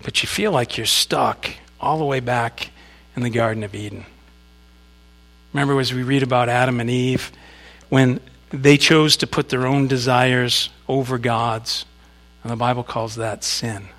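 A man's voice: mid-range voice, fairly even intonation, unhurried, fairly bright tone. A man preaching a sermon, speaking conversationally to the congregation with asides and reading scripture with emphasis. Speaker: pastor.

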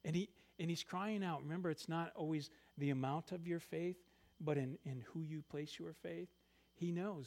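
A man preaching a sermon, reading scripture aloud and swinging between loud emphatic lines and quiet asides. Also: fairly high pitch, normal speed. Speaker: pastor.

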